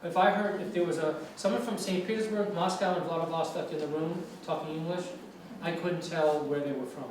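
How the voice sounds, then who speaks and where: An older man with a New York accent, a guest lecturer answering student questions in a relaxed, rambling way with fillers and restarts. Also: on the high side, brisk. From New York City. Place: large lecture room. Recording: echoey room, far mic, faint noise.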